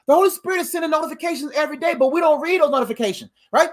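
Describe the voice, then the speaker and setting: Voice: high voice, rapid-fire, hardly any pauses. A pastor giving a conversational livestreamed sermon, repeating key lines and adding playful asides.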